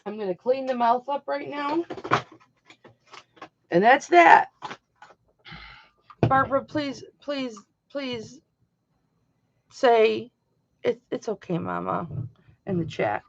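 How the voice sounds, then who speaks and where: A middle-aged woman hosts a live-stream jewelry auction, chatting casually and emphatically with viewers while her voice swings between loud and soft. She has a fairly high pitch with vocal fry, and the dry recording is dull lo-fi home stream audio.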